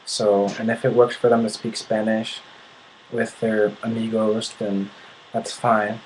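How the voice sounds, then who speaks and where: A man's voice: lowish voice, level tone, measured pace, a little hiss or hum, low-quality recording. A young man from the United States venting in a casual video. He sounds indignant and often restarts his sentences. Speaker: vlogger.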